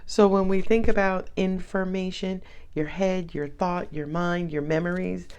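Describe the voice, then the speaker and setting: A woman's voice: fairly low pitch, fairly even intonation, measured pace, darkish tone, clear, resonant tone. A woman giving a casual tarot reading, chatty and sassy, with frequent laughs. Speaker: tarot reader.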